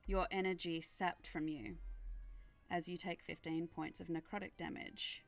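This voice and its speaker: A woman game master narrating a tabletop game in a calm, matter-of-fact voice. Her pitch sits a little low, with faint music underneath. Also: unhurried, vocal fry.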